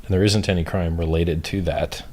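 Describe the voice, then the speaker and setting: Deep-voiced man, blunt and profane. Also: steady tone, moderate pace, mellow. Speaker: livestream host. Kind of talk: casual chat.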